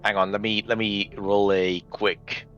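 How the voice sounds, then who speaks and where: A man playing a tabletop game, amused and rambling in quick asides. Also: lowish voice, flat delivery, a bit bright, highs cut off, faint music behind. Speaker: player. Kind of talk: casual tabletop game chat.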